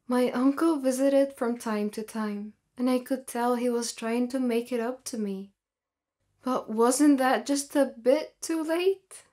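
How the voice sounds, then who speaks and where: A woman's voice: a little high, measured pace, a little mellow. A young woman narrating her own story in the first person, in an earnest, plain manner.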